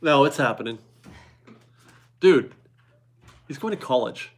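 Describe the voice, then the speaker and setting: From his home garage, a man in his forties runs a casual live stream, reading viewer donations aloud and laughing often in a chatty, upbeat way. His voice is medium in pitch with lively intonation, and he speaks a little slowly.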